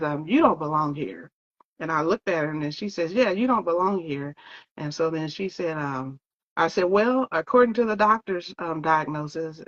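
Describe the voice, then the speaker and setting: In an interview, a woman with a slightly low voice tells her story loosely and conversationally, filling it with fillers and quoted exchanges. The recording is dull and lo-fi.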